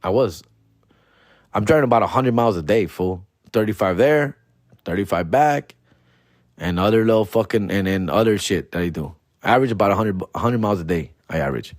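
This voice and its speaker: A man's voice: fairly low pitch, animated, a little fast, dry recording, studio quality. A man hosting a comedy podcast, telling a story in profane slang mixed with Spanish words.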